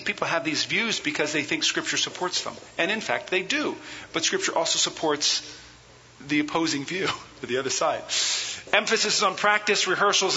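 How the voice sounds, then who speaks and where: Teaching a church seminar on worship, a man with a slightly high, bright and forceful voice reads quotations aloud and explains them. He quizzes the audience, gets them to repeat phrases, and slips in dry jokes. The hall recording sounds muffled, with hiss.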